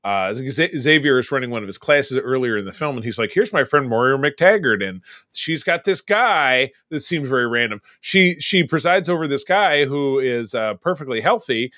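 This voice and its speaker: Bright-voiced man recapping films. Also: mid-range voice, lively intonation, moderate pace, dry recording, studio quality. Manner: rambling, recaps scenes in detail. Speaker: podcast co-host. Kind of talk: casual movie discussion.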